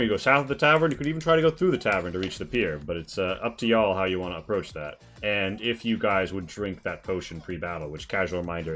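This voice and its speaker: A man narrating a tabletop game as game master, casual and halting with many fillers. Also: lowish voice, fairly bright tone.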